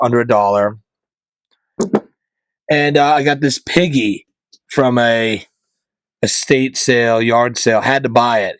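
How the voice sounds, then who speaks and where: Male podcast host from northeastern Pennsylvania, mid-pitched, deadpan, rambling comic monologue on a dry mic. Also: dry recording. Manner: deadpan joking, rambling asides. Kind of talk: casual comedic monologue.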